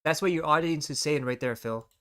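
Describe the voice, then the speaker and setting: Guy doing snarky reaction commentary, slightly high voice, mocking. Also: brisk, fairly bright tone. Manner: sarcastic, mocking.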